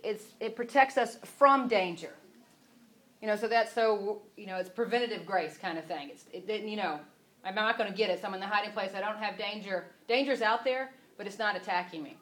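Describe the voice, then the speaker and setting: Chatty woman teaching scripture. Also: on the high side. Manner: chatty, rambling, self-interrupting. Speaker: Bible teacher. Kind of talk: casual devotional teaching.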